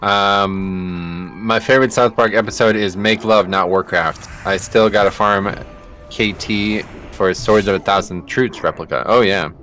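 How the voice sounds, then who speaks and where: A man's voice: on the low side, fairly bright tone. A man livestreaming a game, chatting casually and rambling through a story with frequent swearing and fillers. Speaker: livestreaming gamer. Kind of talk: casual storytelling chat while gaming.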